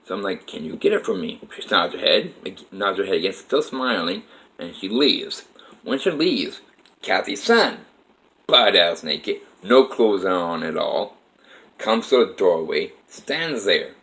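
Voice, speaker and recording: A man's voice: low voice, very animated, measured pace, fairly bright tone, low-quality recording. A man telling a personal life story to camera in a rambling, emotional way, with frequent restarts.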